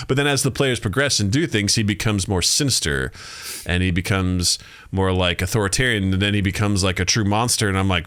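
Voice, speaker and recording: A man's voice: low voice, a little fast, a bit bright, smooth. A man co-hosting a podcast in casual chat, rambling with frequent fillers and laughter. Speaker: podcast co-host.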